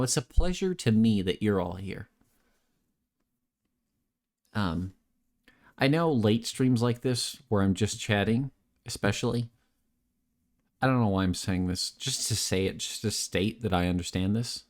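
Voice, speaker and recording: Casting note: young man, low voice, loose rambling streamer banter, reads chat aloud and riffs on it. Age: young adult. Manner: rambling, joking, reads chat messages aloud and answers them. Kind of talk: late-night casual chat stream.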